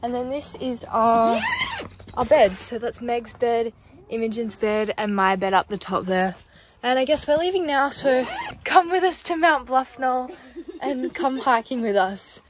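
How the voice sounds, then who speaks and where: A woman's voice: a little high, measured pace. A young woman filming a casual hiking vlog on a mountain trail, chatty and sweary, talking into a handheld camera. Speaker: vlogger.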